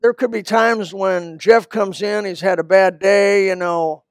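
An older man, a Baptist pastor, preaching a sermon in a folksy, conversational way with quick asides. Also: high-pitched, steady tone, clean tone, no echo, studio quality. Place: church.

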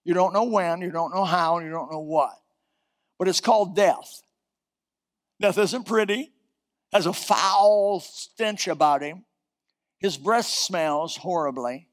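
A man preaching a sermon, reciting scripture and rising to sudden loud outbursts. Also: high-pitched, slow, pauses often. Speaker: pastor.

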